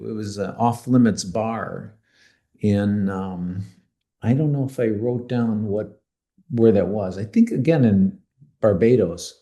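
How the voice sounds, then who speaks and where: A man's voice: medium pitch, mellow. A man co-hosting a podcast as the expert, explaining his views in an opinionated, confident way. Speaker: podcast co-host and expert commentator. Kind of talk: casual podcast discussion.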